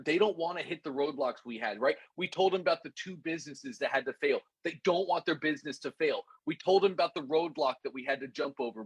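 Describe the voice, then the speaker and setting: A man teaching a course, telling a lesson story in an animated, repetitive way and calling his listeners "guys". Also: mid-range voice, breathy edge, no room sound. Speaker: course instructor.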